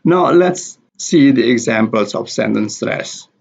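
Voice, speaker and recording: A man teaching English pronunciation, explaining stress and repeating example words slowly and deliberately. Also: medium pitch, lively intonation, creaky, husky. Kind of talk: slow explanatory lesson with spoken examples. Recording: dull lo-fi recording.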